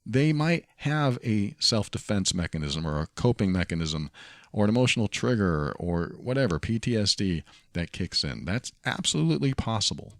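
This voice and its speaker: A man's voice: on the low side, very animated, moderate pace, no room sound, clean studio sound. A man hosting a solo podcast, talking earnestly and reflectively, often repeating his key phrases. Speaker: podcast host.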